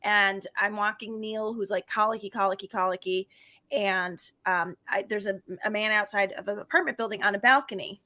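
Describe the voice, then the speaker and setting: A woman's voice: medium pitch, fairly even intonation, normal speed, sharp tone. A woman co-hosting a casual chat show, telling a story of her own with chatty enthusiasm. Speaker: co-host.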